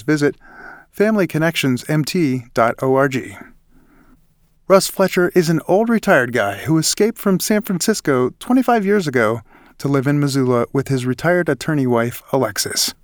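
Higher-pitched male host, dry sound. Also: dry recording. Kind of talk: scripted introduction.

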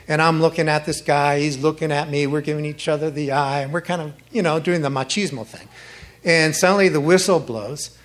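A man telling a personal story at a live storytelling event, animated and chuckling at his own asides. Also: fairly high pitch.

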